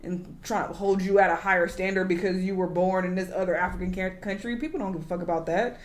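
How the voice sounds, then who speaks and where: A woman's voice: fairly low pitch, steady tone, fast talker, reverberant. A young adult woman from the United States reacting to a video, ranting bluntly and with plenty of profanity. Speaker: reaction vlogger.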